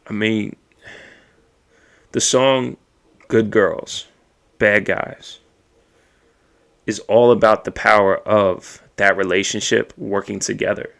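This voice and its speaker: A man talking alone on his podcast in a heavily gravelly, fry-filled voice. His tone is raw and emotional, with frequent swearing, as he works through his thoughts out loud. His voice sits a little low. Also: fairly even intonation, slow, long pauses. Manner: raw, emotional and profane, thinking aloud. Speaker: podcast host. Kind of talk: personal monologue.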